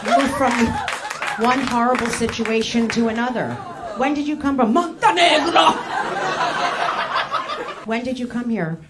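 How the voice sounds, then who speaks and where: A woman's voice: a little high, a little slow, long pauses. A woman in her forties, a stand-up comedian doing brash, profane, teasing crowd work on a club stage. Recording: live club with audience laughter and noise.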